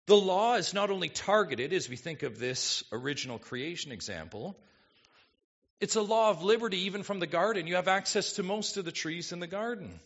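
A man preaching a sermon as a pastor, asking the congregation questions and swinging between quiet asides and emphatic lines. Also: sits high, expressive, brisk, highs cut off.

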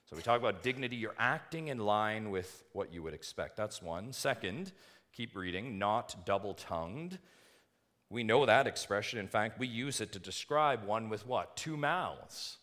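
A man's voice: on the low side, lively intonation, normal speed, a bit bright. A male pastor preaching a sermon to his church, emphatic, repeating key phrases and putting questions to the congregation.

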